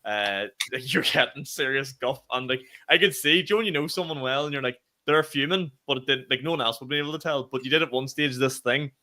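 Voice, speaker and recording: Fast-talking young Northern Irish man. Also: medium pitch, sharp tone. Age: young adult. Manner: quick storytelling with swearing and fillers. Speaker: podcast co-host, comedian. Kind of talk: casual chat.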